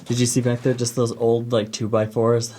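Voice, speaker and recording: A man narrates a paranormal cave exploration into a handheld camera, joking with his friends and sometimes whispering. The sound is rough, with steady noise under his medium-pitched voice. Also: moderate pace. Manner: chatty and jokey, dropping to a whisper at times. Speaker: paranormal vlogger. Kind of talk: casual exploring commentary. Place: inside a cave.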